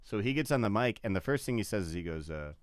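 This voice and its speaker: A comedian guest with a low, smooth, clear voice recounts a bad gig in loose podcast chat. He swears freely, laughs through his own story and drops into other people's voices for quoted lines. The sound is dry and close. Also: lively intonation, fast, dry recording. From Chicago area.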